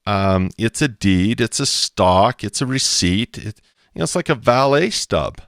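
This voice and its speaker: A man's voice: fairly low pitch, animated, unhurried, gravelly, a bit bright, no echo, studio quality. A man talking emphatically on a podcast about investing, acting out little quoted exchanges as he goes. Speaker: co-host explaining investing. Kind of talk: animated podcast talk.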